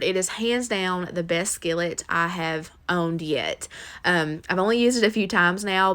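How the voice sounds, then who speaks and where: A woman narrates her home cooking in a relaxed, chatty voice-over. Her voice sits a little low, and she talks with easy enthusiasm, dropping in likes and ums as she goes. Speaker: cooking vlogger.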